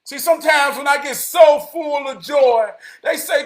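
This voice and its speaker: A man with a Southern US accent giving an inspirational talk, preaching and building to shouts before dropping low. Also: normal speed, few pauses. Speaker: motivational speaker.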